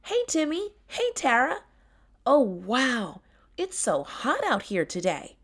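A woman doing a bubbly, excited girl tiger. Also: high-pitched, takes it slowly, pitched above the performer's own voice, exaggerated voice. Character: young female tiger, energetic and excited.

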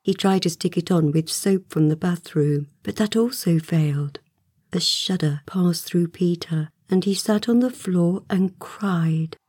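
A woman narrating a storybook aloud in a gentle, expressive way, sometimes dropping to a soft whisper. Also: on the low side, measured pace, husky, no room sound, studio quality. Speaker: audiobook narrator.

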